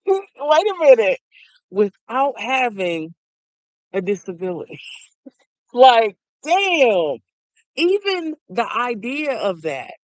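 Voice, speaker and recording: A man's voice: high voice, no echo, rough recording. A middle-aged man talking in a casual, rambling monologue who laughs often. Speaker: vlogger.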